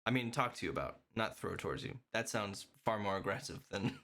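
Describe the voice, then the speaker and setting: A man's voice: on the low side, animated, a little fast, background noise. A man streaming, chatting casually with viewers in a playful way and laughing often. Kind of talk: casual chat.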